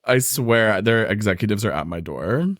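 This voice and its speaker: A man's voice: on the low side, expressive, normal speed, fairly bright tone, dry recording. A man co-hosting a podcast in casual chat, teasing with dry sarcasm. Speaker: podcast co-host.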